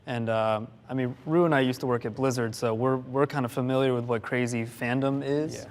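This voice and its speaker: A man speaking as a game developer on a live panel, telling an animated anecdote and laughing often. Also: medium pitch, fairly quick. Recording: long hall reverb from a live panel.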